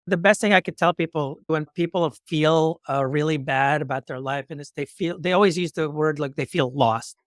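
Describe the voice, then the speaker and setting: A man's voice: on the high side, normal speed, hardly any pauses, no echo, clean studio sound. A man hosting a talk show, telling stories with acted-out dialogue and speaking in motivational metaphors. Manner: acts out both sides of remembered dialogues with lively shifts. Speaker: podcast host. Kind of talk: animated storytelling in conversation.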